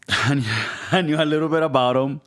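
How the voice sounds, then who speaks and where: A man's voice: fairly high pitch, fairly even intonation, moderate pace, fairly bright tone. A man from Venezuela, a podcast co-host, rambling and laughing in casual chat.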